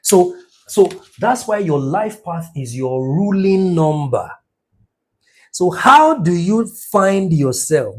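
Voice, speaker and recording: Husky, emphatic male numerology teacher. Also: a little high. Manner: emphatic, preacher-like, rising to near shouts. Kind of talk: motivational lecture.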